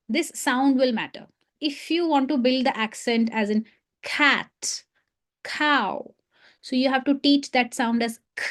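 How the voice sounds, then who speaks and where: A woman with an Indian English accent, teaching phonics sounds in a live online lesson and drilling each sound through short repetitions. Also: sits high. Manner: demonstrates letter sounds with short repeated drills.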